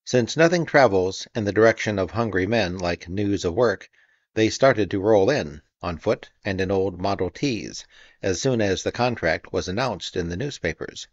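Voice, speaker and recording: Measured male audiobook narrator, low and dry. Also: expressive, no echo, highs cut off. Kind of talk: scripted narration.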